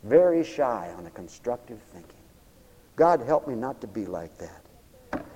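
A man preaching a sermon, swinging from loud high exclamations to low murmurs. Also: very animated, moderate pace, big-room sound, poor audio.

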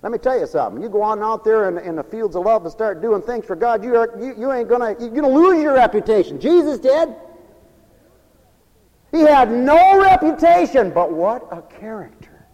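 In what sounds like a large hall with long reverb, a man with a high voice delivers a folksy, emphatic sermon of stories and calls for amens. He speaks at a moderate pace with lively intonation and a slightly mellow tone.

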